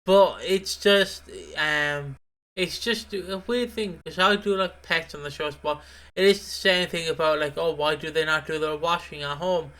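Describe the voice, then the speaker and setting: A man's voice: on the high side, measured pace, fairly bright tone. A man co-hosting a podcast, talking animatedly in casual chat and swearing now and then. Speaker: podcast co-host.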